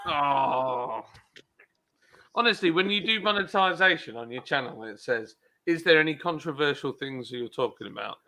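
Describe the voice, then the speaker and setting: A man's voice: fairly high pitch, expressive, moderate pace, pushed and bright. A man with a Cockney accent in a casual chat, a chatty storyteller who laughs easily. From England.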